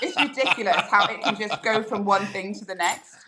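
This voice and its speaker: A woman's voice: medium pitch, raised voice, a crowd in the background. A woman with an English accent, a guest actress on a panel, playful and laughing as she talks. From England. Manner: laughing, playful, quick to switch voices. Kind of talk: casual panel chat.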